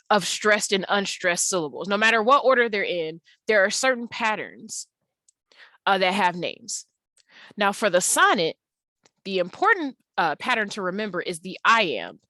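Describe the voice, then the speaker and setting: Woman tutor explaining stuff patiently, drags words out slow to show the sounds, dry no-room sound. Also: medium pitch, fairly bright tone, no room sound. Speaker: English tutor. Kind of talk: online tutorial lesson.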